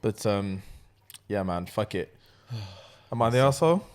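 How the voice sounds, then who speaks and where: A man co-hosting a podcast in casual chat, loud and laughing, swearing often and restarting his sentences. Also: on the low side, expressive, unhurried. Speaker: podcast co-host.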